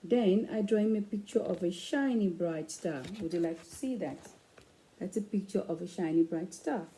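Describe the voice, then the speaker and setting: A woman hosting her own channel, reading a children's picture book aloud in a slow, expressive way with playful asides. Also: on the low side, slight background noise, low-quality recording.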